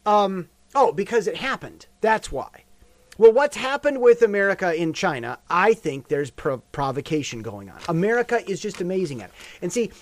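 Brief: talky male commentator, rambling with restarts and questions, high-pitched and expressive. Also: moderate pace, no echo. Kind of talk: casual commentary monologue.

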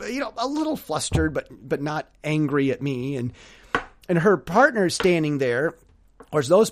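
A man hosting a solo podcast, telling a rambling story with sarcasm and lots of stammered restarts. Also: a little high. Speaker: podcast host.

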